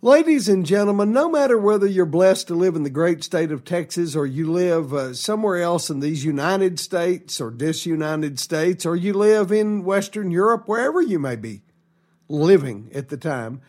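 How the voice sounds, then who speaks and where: A man's voice: high voice, animated, normal speed, darkish tone. A man hosting a political talk show, emphatic and indignant, with frequent restarts. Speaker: radio show host.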